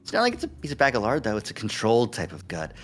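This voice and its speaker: A man's voice: mid-range voice, huge pitch swings, very fast, fairly bright tone. A male streamer hosting a casual game stream, joking crudely and reading narration aloud. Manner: joking, crude, laughing often. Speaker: streamer host. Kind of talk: casual chat while reading a visual novel aloud.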